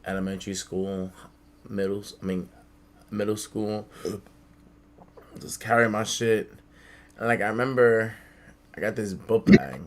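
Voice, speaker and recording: A young man from the Bronx telling a childhood story in casual podcast chat, animated, swearing freely and acting out the voices of people he quotes. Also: on the low side, measured pace, pauses often, a little hiss or hum. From the Bronx, New York. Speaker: podcast co-host. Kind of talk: casual storytelling among friends.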